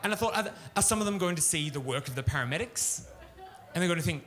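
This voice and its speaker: Crude, ranting stand-up comedian. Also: male voice, a little high, lively intonation, fast, a bit bright. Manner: crude, ranting, swears a lot. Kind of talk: live stand-up routine. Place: pub stage, live show.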